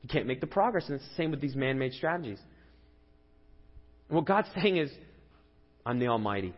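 A man's voice: fairly high pitch, a little fast, slightly rough. A man in his thirties preaching a sermon as a pastor, telling a story in an earnest, conversational way with rising emphasis. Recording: dull lo-fi audio with long hall reverb.

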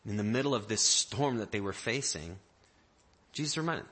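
A man preaching a sermon with a bright, ringing voice. He tells the story like a lively storyteller, jumping into the voices of the people in it. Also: fairly low pitch, normal speed, slightly rough. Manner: animated storyteller, acting out quotes in varied voices. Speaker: pastor.

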